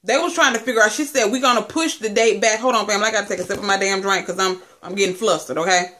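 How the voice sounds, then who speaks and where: A woman's voice: mid-range voice, fast, bright, forceful tone. A woman in her late twenties tells viewers an angry, profane story about her cable company, calling them family. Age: late 20s. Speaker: vlogger. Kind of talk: angry rant to camera.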